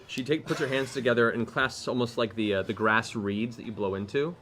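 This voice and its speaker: A man narrating a tabletop game as game master, describing the scene in halting, searching phrases. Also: medium pitch, a crowd in the background.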